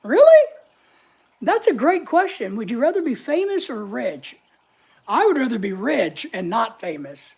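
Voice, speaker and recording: A man's voice: extremely high pitch, sing-song, moderate pace, vocal fry, breathy edge. A man hosting a casual live stream from home, joking with viewers and greeting them by name as he reads their comments.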